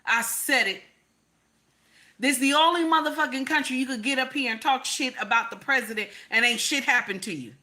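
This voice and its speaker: Forceful, profane American woman ranting. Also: high voice, brisk. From United States. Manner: profane, emphatic, repeats her points. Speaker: livestream host. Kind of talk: live-stream rant to viewers.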